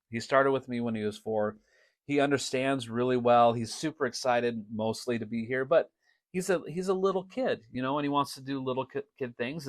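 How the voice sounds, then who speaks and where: A middle-aged man hosting a podcast, telling a story in a casual, animated way, laughing often and restarting his sentences. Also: mid-range voice, dry recording. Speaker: podcast host and drum teacher.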